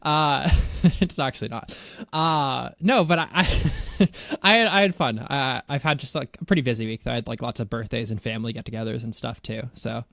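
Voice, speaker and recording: A man's voice: medium pitch, normal speed, vocal fry, few pauses, a bit bright, dry recording. Rambling man on a podcast, dry sound. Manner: rambling, many fillers and restarts, chuckling. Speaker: podcast co-host. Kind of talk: casual gaming podcast chat.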